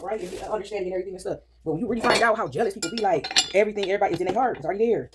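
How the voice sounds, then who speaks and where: A woman's voice: mid-range voice, racing, few pauses. A middle-aged woman vlogging casually while baking in her kitchen, chatting to viewers and asking "right?" often. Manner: chatty, addresses viewers as y'all, frequent tag questions. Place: home kitchen. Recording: loud background noise.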